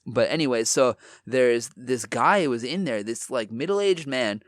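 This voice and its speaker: A man telling a story in casual chat, animated, swearing often and acting out what people said. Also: medium pitch, a little slow, no room sound, studio quality. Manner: animated, swears a lot, acts out quotes. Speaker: podcast co-host.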